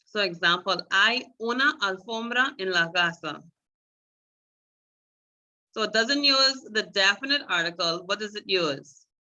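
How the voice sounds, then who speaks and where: A woman's voice: medium pitch, animated, a little slow, bright, forceful tone, highs cut off. A woman teaching a beginner Spanish class, explaining patiently step by step and calling on students.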